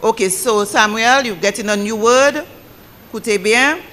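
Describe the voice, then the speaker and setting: A woman's voice: fairly high pitch, normal speed, a bit bright, a little hiss or hum. A woman acting as pronouncer at a spelling bee, saying each word twice and spelling out corrections letter by letter. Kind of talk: competition announcing.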